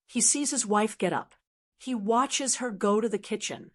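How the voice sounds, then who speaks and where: A woman's voice: fairly high pitch, unhurried. An older woman narrating a first-person family story in a reflective, emotional way.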